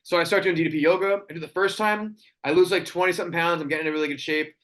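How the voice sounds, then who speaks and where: Excitable male podcast guest, quick, a bit high-pitched, loves telling stories. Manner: excitable storyteller, quotes people in put-on voices. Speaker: podcast guest, wrestling cosplayer. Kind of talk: casual podcast chat.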